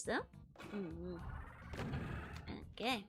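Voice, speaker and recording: A woman's voice: fairly high pitch, very animated, measured pace, pauses often, music in the background. A young woman from the Netherlands, a streamer chatting casually and giggling often as she plays. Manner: giggly, laughs often, rambling. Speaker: VTuber streamer. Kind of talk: casual chat while gaming.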